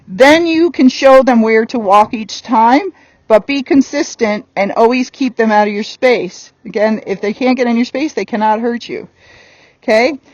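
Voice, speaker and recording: Blunt high-voiced woman horse trainer. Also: moderate pace, no echo, dull audio. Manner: blunt, no-nonsense and firm. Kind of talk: hands-on riding lesson. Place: working a horse on the ground.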